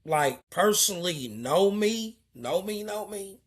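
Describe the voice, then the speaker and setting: A truck driver from Indianapolis tells a story straight to the camera. The delivery is loose and full of stammered repeats and swearing, and it gets animated in the retelling. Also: medium pitch, slow pace, husky. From Indianapolis, USA. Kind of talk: casual storytelling vlog.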